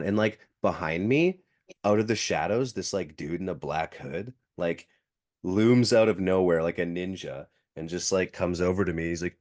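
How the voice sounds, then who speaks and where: Guy in his thirties, low voice, chatty storyteller who leans on "like" and acts out quotes. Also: moderate pace, a little mellow, no room sound, clean studio sound. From Canada. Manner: filler-heavy, acts out quotes. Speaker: podcast guest, jiu-jitsu coach. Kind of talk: casual storytelling.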